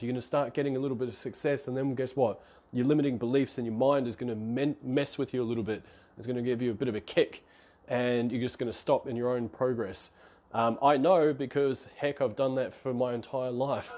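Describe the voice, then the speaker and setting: A man's voice: mid-range voice, a little mellow. A man, hosting a solo podcast in a chatty, rambling, self-deprecating way. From New Zealand. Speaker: podcast host.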